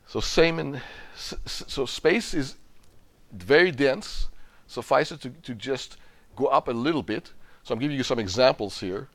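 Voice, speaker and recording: A man's voice: medium pitch, expressive, moderate pace, a bit bright. Middle-aged male professor, emphatic lecturer who questions his students and stumbles over repeated words. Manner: emphatic, repeats and restarts words, quizzes the class. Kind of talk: university lecture. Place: lecture hall.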